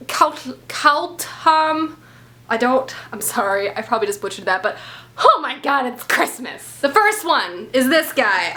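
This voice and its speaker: Giddy high-voiced woman vlogger. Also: noisy background. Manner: gushing, breathless and giggly, stumbling over names. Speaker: book vlogger. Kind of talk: excited unboxing vlog. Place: home, indoors.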